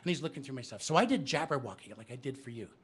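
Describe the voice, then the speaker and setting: A man's voice: mid-range voice, animated, racing, a bit bright, a little hiss or hum. A man telling comic stories live to an audience in a bookstore, chatting with the crowd. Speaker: storyteller.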